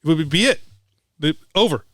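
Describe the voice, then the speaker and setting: A man's voice: fairly high pitch, animated, normal speed, fairly bright tone, dry recording. Man, ex-Marine podcaster, rambling stories, restarts and quotes, dead dry room. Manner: rambling anecdotes with many restarts, laughs and acted-out quotes. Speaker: podcast co-host; former Marine. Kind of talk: casual storytelling chat.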